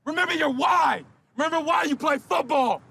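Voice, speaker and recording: A man giving a fired-up, profane motivational speech to his football team, shouting much of it. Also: extremely high pitch, moderate pace, gravelly, slight background noise. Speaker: football player addressing team. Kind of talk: locker-room motivational speech.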